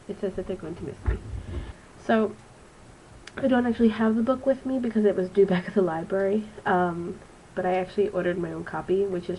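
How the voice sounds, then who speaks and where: A woman's voice: lowish voice, dark tone, slight background noise, rough recording. A woman in her twenties with a stuffy, nasal voice from allergies, giving a rambling, casual book review on her vlog. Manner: chatty and rambling, with frequent ums. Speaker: student teacher reviewing a book.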